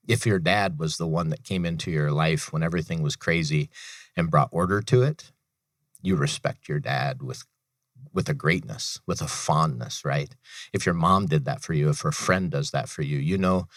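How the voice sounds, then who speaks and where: This is a clean, echo-free studio recording of a deep-voiced male interview guest on a business radio program. In his thirties, he is a veteran and writer whose earnest personal anecdotes keep circling back to the same phrases.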